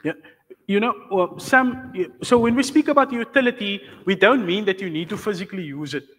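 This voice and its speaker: A man's voice: high-pitched, a little fast, fairly bright tone, long reverb tail. A man teaching a class on Islamic law, explaining patiently and often asking the students whether they follow. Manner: explains patiently, checks understanding with rhetorical questions.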